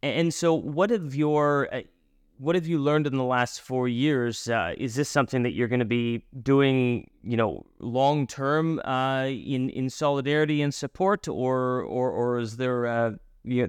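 A man's voice: mid-range voice, moderate pace, clear, resonant tone, no echo, clean studio sound. A male interview host from North America asking a guest long questions with frequent restarts.

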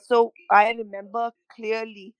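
A middle-aged woman, a parent telling her story in an interview, halting and emotional, often repeating words. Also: fairly high pitch, little pitch movement, smooth, dry recording, rough recording. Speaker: parent of a child with a rare illness, interview guest.

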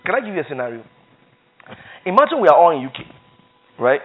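A man's voice: a little high, very animated, racing, long pauses, phone-quality sound. A man preaching a sermon as pastor, emphatic, repeating phrases for stress and reading scripture aloud.

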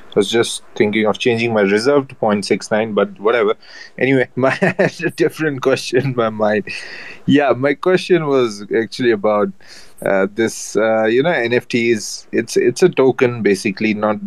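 A man with a slightly low voice and a dry, close sound asks a question from the audience of an online audio chat. He lays out his points one by one, earnest and methodical, with frequent hesitations. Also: no echo. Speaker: audience speaker.

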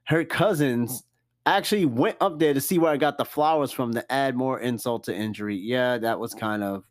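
A man hosting a casual solo podcast, reading out a list and reacting with loud, profane, joking comments. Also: medium pitch, moderate pace. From New York. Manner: animated, cussing, jokey reactions to a list. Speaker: podcast host.

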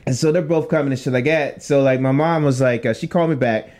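Here a young man with a mid-range voice talks fast as a podcast co-host, relaying a long story full of swearing in an easygoing chat. His delivery is animated, with the quotes acted out.

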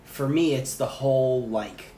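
A man hosts a loose podcast conversation, easygoing and chatty with casual swearing. His voice is at a middling pitch and rings in a roomy space with faint noise underneath. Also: unhurried, warm tone. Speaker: podcast host. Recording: echoey room, faint background noise.

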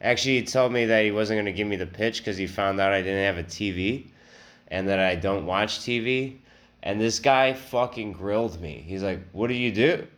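A man's voice: lowish voice, normal speed, fairly bright tone. A man hosting a comedy podcast, talking casually in a crude, rambling, self-mocking way. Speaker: podcast host.

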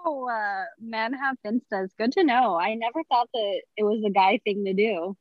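A woman's voice: fairly high pitch, moderate pace, dry recording. A young woman in casual chat, frank and wry, giving her friend advice. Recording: dry, slightly dull sound.

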